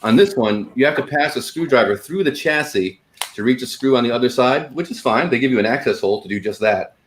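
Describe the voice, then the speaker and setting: A man's voice: mid-range voice, expressive. A man co-hosting a casual podcast about hobby cars, rambling and correcting himself as he goes. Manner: talks fast, with restarts and asides. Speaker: podcast co-host. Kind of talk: casual chat.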